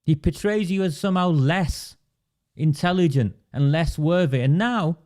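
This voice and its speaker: A man's voice: fairly high pitch, normal speed, darkish tone. A man hosting a political livestream, emphatic and indignant, stopping to answer viewer comments. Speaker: livestream host.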